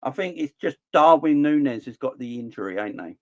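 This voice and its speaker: A man's voice: medium pitch, brisk, highs cut off. A young man hosting a fan livestream in casual, jokey, blunt chat. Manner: animated, jokey, blunt slang. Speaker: fan channel host.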